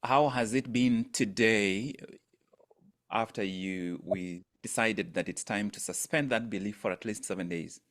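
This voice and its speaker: A man's voice: on the low side, unhurried. A man coaching an online mindset workshop, speaking emphatically and repeating phrases for effect. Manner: emphatic, repeats phrases for effect, rises sharply on quoted lines. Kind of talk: teaching talk. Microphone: video call.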